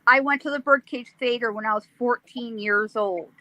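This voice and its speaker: A woman, a psychic guest, telling a ghost story in a lively way, laughing often and acting out sounds. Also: on the high side, moderate pace, no room sound, poor audio.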